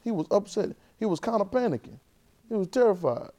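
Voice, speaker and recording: Man preaching, fairly high voice. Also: expressive, fairly quick, warm tone, muffled recording. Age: 30s. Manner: call-and-response with the congregation, conversational and emphatic. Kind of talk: sermon.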